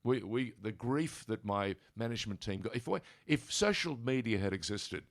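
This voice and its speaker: An older Australian man from Sydney, a radio interview guest in a studio, telling animated stories and mimicking voices as he goes. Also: lowish voice, normal speed, no room sound. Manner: animated storyteller who mimics voices in anecdotes.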